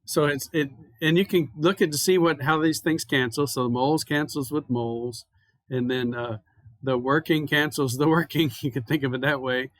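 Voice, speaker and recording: A man's voice: a little high, fairly even intonation, moderate pace, dry recording. Man lecturing chemistry, dry close sound. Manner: explanatory and conversational, talks students through steps. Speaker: chemistry instructor. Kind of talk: classroom lecture. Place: university classroom.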